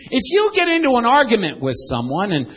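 A man preaching a sermon, animated, moving between loud and hushed and asking the congregation questions. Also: very high-pitched, fairly quick, breathy edge, rough recording. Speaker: pastor.

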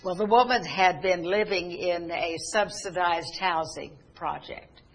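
A middle-aged woman with a fairly low voice preaches a sermon, earnestly telling stories at a measured pace with frequent restarts and fillers. The audio quality is poor.

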